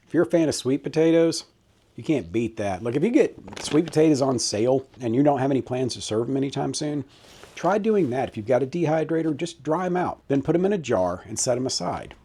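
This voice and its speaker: Dad type, mellow husky voice, folksy and enthusiastic vlogger. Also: male voice, mid-range voice, animated, a little fast. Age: middle-aged. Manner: folksy, enthusiastic taste-testing. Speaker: cooking vlogger. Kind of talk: casual cooking vlog. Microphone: handheld camera mic.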